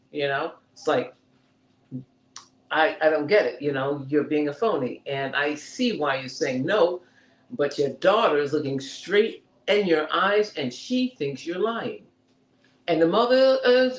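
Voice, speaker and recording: A man co-hosting a TV review podcast, telling the story of an episode in a lively way and acting out what the characters say. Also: on the high side. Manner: animated, retells scenes and acts out the characters' lines. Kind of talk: casual review chat. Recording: roomy echo.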